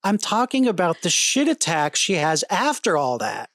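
A woman's voice: on the low side, sing-song, normal speed, no echo, studio quality. A woman co-hosting a podcast in casual chat, cutting in with stammered restarts. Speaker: podcast co-host.

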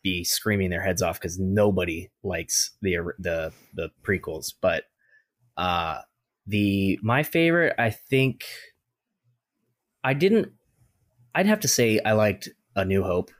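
A man's voice: low-pitched, animated, slow, no echo, clean studio sound. A young adult man co-hosting a casual podcast. He talks as a thoughtful, somewhat rambling film buff. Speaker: podcast co-host. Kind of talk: casual chat.

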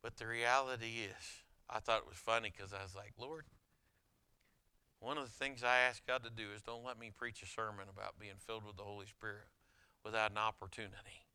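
A man preaching a sermon as a pastor, telling anecdotes in a conversational, animated way. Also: on the low side, normal speed, pauses often, smooth, no room sound. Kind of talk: sermon with storytelling.

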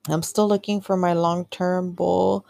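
A woman's voice: lowish voice, flat delivery, a little slow, creaky, dark tone, dry recording, clean studio sound. A woman hosting a podcast, telling a personal story in a candid, chatty way full of fillers and acted-out quotes. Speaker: podcast host. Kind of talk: casual storytelling monologue.

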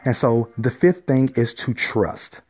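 A man's voice: medium pitch, takes it slowly, darkish tone, husky. A man hosting a motivational podcast as a life coach, talking in an upbeat, encouraging way straight to his listeners.

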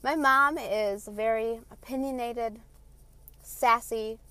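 A woman's voice: on the high side, fairly even intonation, takes it slowly, bright, forceful tone, dry recording. A woman in her late twenties ranting from her car, heated, blunt and full of swearing. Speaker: vlogger. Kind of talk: passionate rant.

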